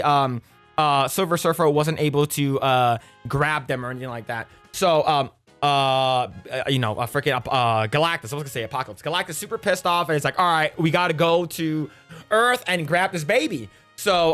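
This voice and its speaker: A man's voice: on the high side, fairly bright tone. A man giving a casual, rambling movie recap, crude and profane and full of fillers. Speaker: movie reviewer.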